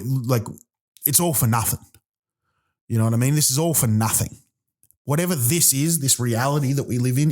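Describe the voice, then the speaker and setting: Male comic, profane rambling monologue, mid-range voice. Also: mid-range voice. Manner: exasperated, profane, animated rants. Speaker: comedian podcast host.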